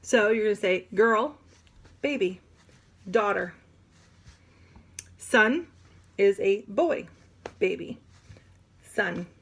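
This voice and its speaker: A woman teaching sign language vocabulary in an animated, demonstrative way, with playful asides. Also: mid-range voice, extremely slow, pauses often, breathy edge. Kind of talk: classroom lesson.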